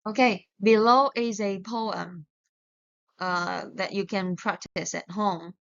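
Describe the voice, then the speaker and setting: Woman, pronunciation teacher, unhurried, says words one by one, dull lo-fi sound. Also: medium pitch, fairly even intonation, vocal fry. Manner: slow, deliberate, modelling words one by one; plain explaining tone with small restarts. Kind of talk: recorded video lesson. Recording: dull lo-fi recording.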